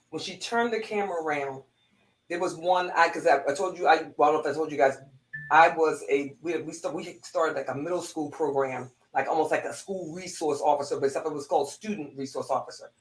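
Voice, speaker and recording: Animated woman telling a story in an echoey room. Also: deep voice, fairly quick. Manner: animated, heartfelt, many restarts and repeats. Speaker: guest speaker, former police corporal. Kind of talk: emotional personal storytelling.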